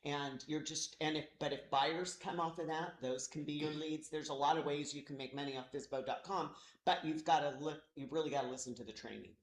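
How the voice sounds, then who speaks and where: A man leading a real estate office meeting in a loose, halting way, with many restarts. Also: on the high side, steady tone. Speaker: brokerage meeting leader. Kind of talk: casual office meeting talk. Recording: echoey meeting room.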